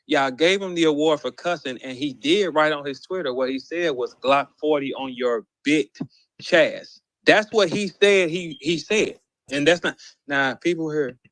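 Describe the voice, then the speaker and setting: A man with a fairly high voice rants heatedly as a battle rap commentator, profane, mocking, and incredulous, bellowing the lines he quotes. The recording is close and dry, with no room sound.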